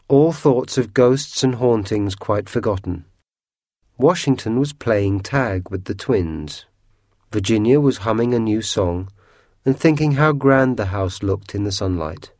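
A man narrating a storybook chapter with steady, clear storytelling. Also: lowish voice, no echo, studio quality. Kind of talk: storybook reading.

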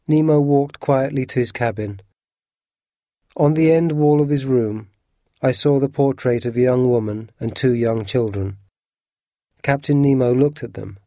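A man narrates a storybook in the first person, steady and earnest. His voice is mellow and the recording close and dry. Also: mid-range voice, no echo.

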